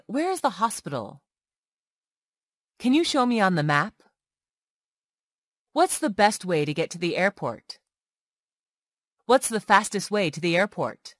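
A woman reads everyday English phrases aloud as a language lesson. Her delivery is slow and deliberate, and her pitch rises and falls a lot from line to line. The recording is dry and close. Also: no room sound. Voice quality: slow, clearly enunciated phrase reading. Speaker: English tutor. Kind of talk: reading example phrases for learners.

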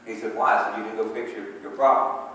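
A man's voice: fairly low pitch, flat delivery, fast, fairly bright tone, a little hiss or hum. A man preaching a sermon, moving between emphatic calls for response and conversational storytelling. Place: church sanctuary. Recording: echoey hall from far off.

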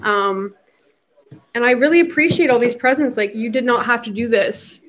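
A woman's voice: a little high, unhurried, pauses often, a bit bright. A young adult woman hosting a casual livestream, chatty and giggly, slipping into baby talk with her puppy. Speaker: livestream host.

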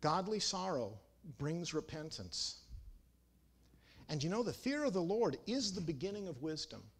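Animated, storytelling male preacher. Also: unhurried. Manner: storytelling, dramatic swings in pitch and volume. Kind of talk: sermon. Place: church.

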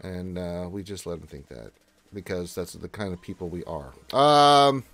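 A man's voice: low-pitched, expressive, moderate pace, fairly bright tone, no room sound. A man hosting a casual gaming livestream, reading chat messages aloud and greeting viewers with loose jokes and plenty of fillers. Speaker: livestream host.

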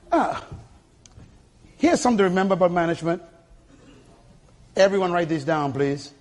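An older man preaching a sermon to a church congregation with a husky voice, emphatic and calling for responses. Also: fairly high pitch, darkish tone. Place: church sanctuary.

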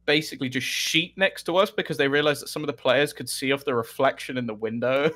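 Bright-voiced man telling stories. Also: medium pitch, fast talker. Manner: animated anecdote telling with laughs and restarts. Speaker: esports caster, podcast guest. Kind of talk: casual podcast storytelling.

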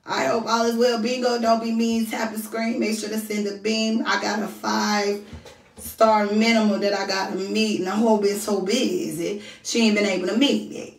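A woman hosting a casual livestream from home reads viewers' comments aloud and chats straight to them. Her voice is mid-range and creaky with little pitch movement, at normal speed, heard from a distance in an echoey room.

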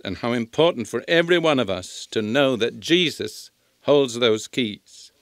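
Older man giving a slow, emphatic sermon. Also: medium pitch, lively intonation, fairly bright tone, no room sound, studio quality. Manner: slow, emphatic scripture reading. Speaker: Bible teacher.

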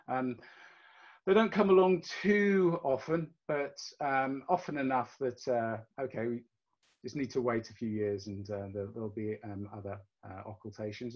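A man gives a relaxed, explanatory club presentation over a video call, with many ums and uhs. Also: mid-range voice. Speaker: astronomy club meeting presenter. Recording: dull lo-fi video call audio.

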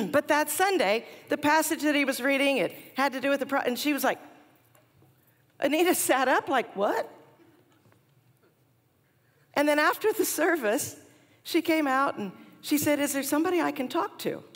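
A woman's voice: high-pitched, normal speed. Woman preaching in an echoing hall. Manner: animated storyteller, laughs at herself. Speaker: chapel speaker. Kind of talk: storytelling chapel talk. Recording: long hall reverb.

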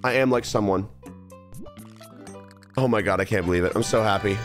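A man's voice: on the low side, lively intonation, fast talker, pauses often. A young man streaming a game live, talking restlessly to himself, mocking himself and repeating phrases, with faint music behind. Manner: restless, self-mocking, repeats phrases under his breath. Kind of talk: live gameplay commentary.

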